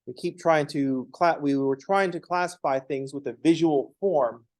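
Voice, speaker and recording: A man's voice: fairly high pitch, normal speed, darkish tone, rough recording. A man teaching a math class in a loose, profane, conversational way, acting out little dialogues between students and teachers. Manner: casual, profane, acts out dialogues. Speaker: math instructor. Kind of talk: informal lecture.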